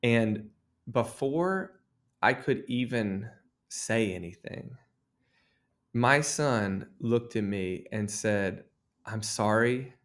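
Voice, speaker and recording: A man's voice: medium pitch, animated, extremely slow. A man in his thirties, an author and guest, telling a story in an earnest, reflective way. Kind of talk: conversational interview.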